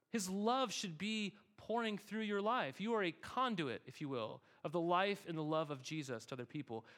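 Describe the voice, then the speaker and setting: A young man preaching with a notably high voice. He keeps things conversational, asking the congregation questions and answering them himself. He leans on repeated phrases for emphasis. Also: a bit bright. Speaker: pastor. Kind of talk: sermon.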